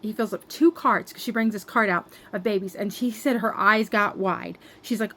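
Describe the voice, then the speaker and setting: A woman's voice: mid-range voice, normal speed, hardly any pauses, fairly bright tone. A young adult woman telling an upset storytime to her vlog viewers, venting with many fillers and restarts. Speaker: doll collector vlogger.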